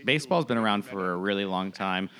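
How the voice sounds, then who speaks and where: A man's voice: lowish voice, animated, fast, fairly bright tone. A man co-hosting a podcast in casual chat, enthusiastic and rambling. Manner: enthusiastic, rambling, with lots of fillers. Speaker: podcast co-host.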